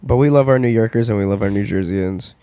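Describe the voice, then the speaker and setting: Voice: medium pitch, fast, warm tone, smooth, no echo. Easygoing podcast host. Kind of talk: casual chat.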